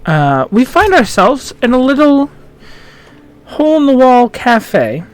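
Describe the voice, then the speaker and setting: A man running a tabletop game as dungeon master, narrating scenes with many pauses and self-corrections. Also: extremely high pitch, very animated. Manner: halting, full of ums and self-corrections.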